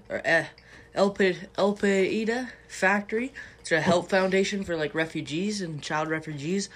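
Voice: mid-range voice, fairly bright tone. A young podcast co-host chatting casually, rambling and swearing a lot. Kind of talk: casual chat.

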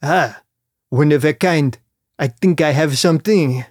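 A man's voice: a little high, darkish tone, no echo, studio quality. A man voicing a fussy male cockroach shopkeeper with a French-Canadian accent, given to angry screaming, in a comic storybook. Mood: salesy. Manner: salesy, quick to scream in anger.

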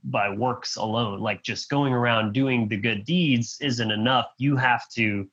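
A man hosting a podcast, talking bluntly in a halting way with many restarts. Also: medium pitch, a bit bright, breathy edge. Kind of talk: casual podcast conversation. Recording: dull lo-fi sound.

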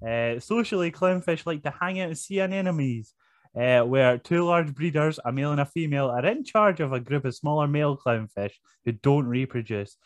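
A man's voice: on the high side, normal speed, dry recording. A man, co-hosting a casual podcast chat, joking and laughing often. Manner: laughs often, jokey and rambling. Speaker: podcast co-host.

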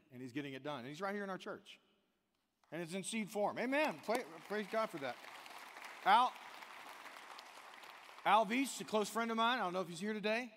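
A man from the American South preaching a sermon in a church, animated, swinging between loud emphasis and quiet intensity. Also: high-pitched, slight background noise. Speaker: pastor. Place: church sanctuary. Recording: long hall reverb.

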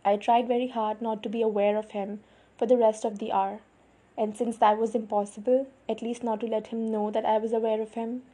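A woman reading a novel aloud in the first person, with even, measured storytelling. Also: on the high side, husky. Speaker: audiobook narrator.

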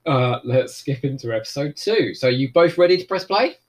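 A man hosting a fan commentary podcast, playful and quick to laugh as he teases his guests. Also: medium pitch, expressive. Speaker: podcast host. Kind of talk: casual commentary chat.

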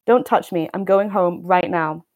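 A woman's voice: on the low side, a little slow, no room sound, phone-quality sound, natural voice. A woman reading as a defiant teenage girl. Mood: resentful. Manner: sharp, resentful.

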